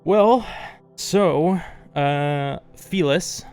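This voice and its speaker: A laid-back host working through audience questions in a casual streamed chat. The voice sits in the middle of the usual range and the manner stays easygoing and playful, laughing along. Faint music plays softly behind. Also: medium pitch, extremely slow, clear, resonant tone.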